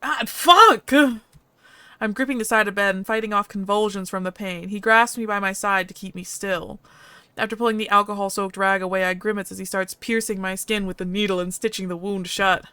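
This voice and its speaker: A woman streamer reading a visual novel aloud with lively, expressive narration. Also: mid-range voice, fairly quick, clean tone, dry recording.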